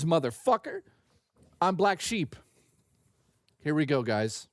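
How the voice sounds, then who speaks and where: A man hosting a live reaction stream, joking loudly, swearing and rambling crudely at a desk mic. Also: fairly high pitch, very animated, slow, long pauses, no echo, studio quality.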